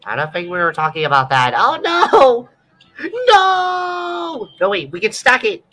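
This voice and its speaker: A woman's voice: low-pitched, quick pace, low-quality recording. A young woman streaming a card game with friends, breaking into squeals and laughter. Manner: bursts of squealing excitement and laughter. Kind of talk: excitable gaming chat.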